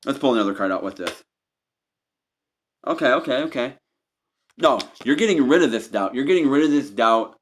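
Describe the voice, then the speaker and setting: With a mid-range, animated voice at a moderate pace and long pauses, a tarot reader works without a script. He speaks directly to the listener as "you," meandering, repeating, and frequently restarting his phrases.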